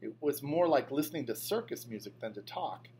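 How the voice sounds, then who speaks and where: A man's voice: medium pitch, fairly quick, slight background noise. Man narrating a storybook. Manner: first-person storytelling, lively when voicing a child. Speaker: audiobook narrator. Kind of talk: scripted narration.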